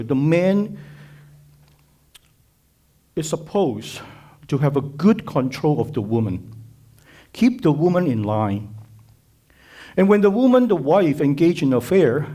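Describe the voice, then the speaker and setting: A man's voice: fairly high pitch, dark tone. A man giving a sermon at a conference, preaching emphatically with repetition and rhetorical questions. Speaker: speaker at a conference.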